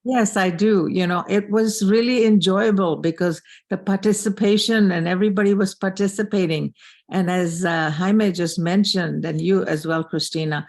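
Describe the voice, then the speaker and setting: Brief: man with a gravelly voice, community president, measured and appreciative. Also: high-pitched, a little mellow. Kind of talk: short remarks at an online meeting.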